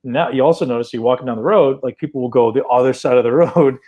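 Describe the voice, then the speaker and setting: A man's voice: mid-range voice, fast talker, narrow, tinny audio. A man hosting a podcast, talking casually and enthusiastically, often checking in with "right?". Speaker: podcast host.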